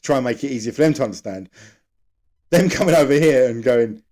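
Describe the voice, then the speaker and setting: A man's voice: medium pitch, lively intonation, fairly quick, warm tone. Rambling man, casual podcast chat. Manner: rambling, jokey, tries silly accents. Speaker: podcast co-host.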